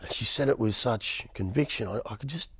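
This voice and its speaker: A man's voice: medium pitch, normal speed, husky, dry recording. An Australian man in his thirties giving an earnest personal testimony in an interview, often stammering and restarting. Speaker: interview guest.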